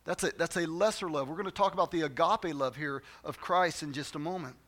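A man delivers a sermon to his church, his voice sitting high and bright. He talks in a loose, conversational way, repeating key phrases and dropping asides to the congregation. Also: fairly quick. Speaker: pastor.

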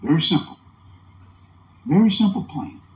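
A man's voice: fairly high pitch, very animated, moderate pace, slight background noise. A man preaching a revival sermon in a church, impassioned, with a rising and falling preaching cadence. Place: church meeting room. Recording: echoey room.

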